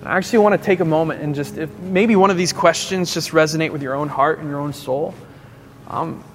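A man's voice: on the high side, fairly quick, faint music behind. A man in his thirties, a pastor preaching a sermon and telling a story, his voice rising in intensity as he goes.

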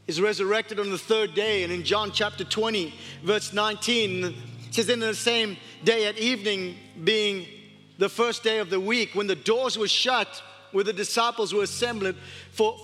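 Bright-voiced man preaching in a hall. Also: sits high. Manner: impassioned, shifts to hushed tones for quoted scripture. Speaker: pastor. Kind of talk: sermon. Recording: reverberant hall with faint music.

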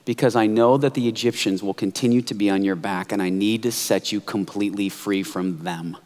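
Man doing God, deep divine voice, hushed, steady, long echoing hall. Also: a little fast, lightly acted. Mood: assured. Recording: echoey hall.

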